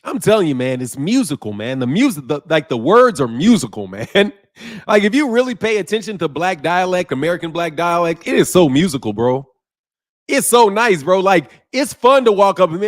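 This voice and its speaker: A man's voice: high-pitched, sing-song, brisk. A man from Chicago hosting a casual livestream, talking in loose slang, laughing often and imitating regional greetings. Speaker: boxing channel host. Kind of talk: casual livestream chat with viewers.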